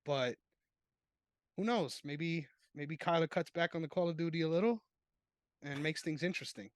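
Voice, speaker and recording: A man's voice: fairly high pitch, normal speed, no room sound. Male podcast co-host, casual sports banter, jokey and crude, lighter voice. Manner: joking, profane, laughs often.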